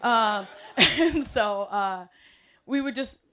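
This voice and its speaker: A woman's voice: fairly high pitch, takes it slowly, bright, forceful tone, clean tone. A young woman giving a casual, rambling wedding toast, laughing often between fillers.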